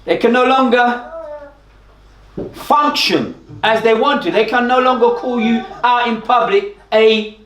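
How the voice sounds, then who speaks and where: A man speaking emphatically in an animated group discussion, expressive and lively. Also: very high voice, measured pace. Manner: emphatic, expressive, acts out quotes. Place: meeting room with listeners. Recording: echoey room with a group around.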